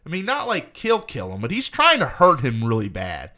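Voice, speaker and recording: A man chatting casually as a podcast co-host, swearing freely as he retells a film scene by scene. His pitch jumps all over the place and his tone is bright and forceful. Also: normal speed. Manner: animated, swearing, acts out movie lines. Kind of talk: casual movie review chat.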